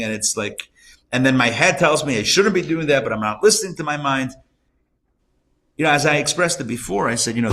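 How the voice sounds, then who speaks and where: A man, a rabbi, teaching a live class around a table, conversational and animated, asking rhetorical questions. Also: medium pitch, slight background noise. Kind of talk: live Torah class lecture.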